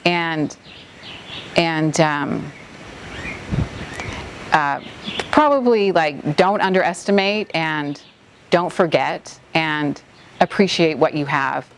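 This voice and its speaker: Low-voiced woman, halting and emotional. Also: a little hiss or hum. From the Bahamas. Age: middle-aged. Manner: halting, many restarts and fillers, close to tears. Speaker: executive director of an environmental nonprofit. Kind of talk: emotional interview recollection.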